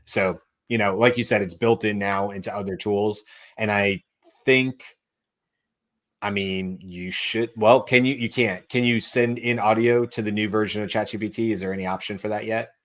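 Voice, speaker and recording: A man with a fairly low voice hosts a relaxed panel discussion. He talks loosely and chattily, restarts sentences often, and scatters fillers through his speech. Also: moderate pace. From United States. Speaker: podcast host. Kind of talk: casual panel chat.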